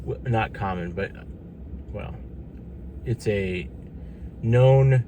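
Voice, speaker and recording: Brief: man, low voice, tired vlogger, rambles with ums and restarts. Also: extremely slow, noisy background. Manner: rambling, many fillers and restarts. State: tired, yawning. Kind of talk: casual vlog talk.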